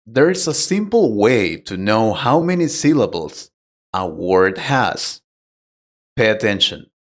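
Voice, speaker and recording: A male English teacher with a lowish, very animated voice gives a slow, deliberate pronunciation lesson. He explains plainly and patiently and puts direct questions to the learner.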